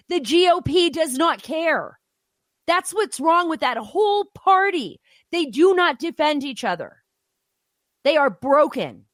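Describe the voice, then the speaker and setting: A woman's voice: sits high, fairly bright tone, dry recording, studio quality. A woman hosting political opinion commentary, talking in an impassioned, emphatic way.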